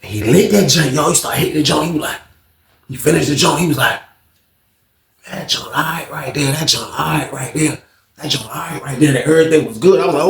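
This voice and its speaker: A man with a high voice rattles through a casual story, full of slang, and acts out everyone he talks about. He talks fast and the room around him echoes. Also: a little hiss or hum. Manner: animated, slangy, acts out the other people in his story. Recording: roomy echo.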